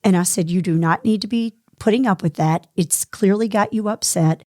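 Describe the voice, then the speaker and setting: A woman's voice: mid-range voice, normal speed, darkish tone, no room sound, clean studio sound. A middle-aged woman co-hosting a podcast, earnestly recounting conversations from her own life. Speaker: podcast co-host. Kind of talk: personal storytelling.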